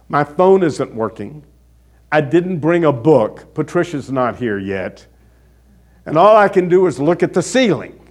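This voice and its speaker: Animated storytelling male pastor. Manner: animated, conversational storytelling with a wide swing of pitch. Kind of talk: sermon.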